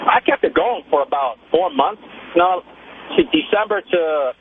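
High-voiced male caller on a tinny phone line. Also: unhurried, slight background noise. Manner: animated, chatty storyteller. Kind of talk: casual storytelling on a call-in show.

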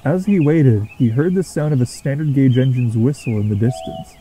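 A man narrating a children's train story in a steady storytelling manner. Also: mid-range voice, normal speed, hardly any pauses, slight background noise, poor audio.

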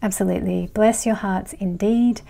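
A woman's voice: medium pitch, fairly even intonation, normal speed, creaky, mellow. A middle-aged woman vlogger chatting casually as she reads viewer comments, rambling with fillers and laughs. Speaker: astrology vlogger.

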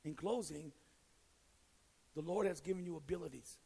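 Very raspy, gravelly pastor preaching. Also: male voice, fairly high pitch, normal speed, mellow, big-room sound, poor audio. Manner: direct, joking, self-deprecating; repeats and restarts words. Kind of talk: sermon with storytelling.

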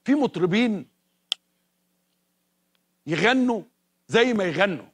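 Man, Egyptian accent, very fast, high pitch, emphatic TV presenter. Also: lively intonation, fairly bright tone, slightly rough. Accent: Egyptian Arabic. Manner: emphatic, rapid, building up. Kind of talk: TV introduction speech.

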